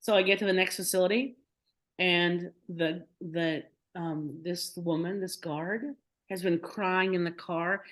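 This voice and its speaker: A middle-aged woman with a fairly low voice tells her own story as a podcast guest. She talks with emotion and acts out the other people's words. She often breaks off and restarts mid-sentence. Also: a little slow. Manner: emotional, animated retelling with quoted dialogue and many restarts. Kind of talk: personal storytelling.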